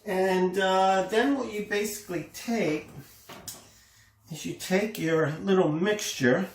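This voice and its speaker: A man's voice: high voice, slow. A man casually demonstrating a recipe in a kitchen, enthusiastic and exclaiming over the food as he works. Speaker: home cooking host. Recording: echoey room, faint noise.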